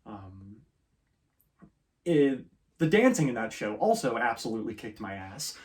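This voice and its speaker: Halting young man in easy interview chat. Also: medium pitch, very animated. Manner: hesitant, many fillers and restarts, laughs often. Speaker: guest, student performer.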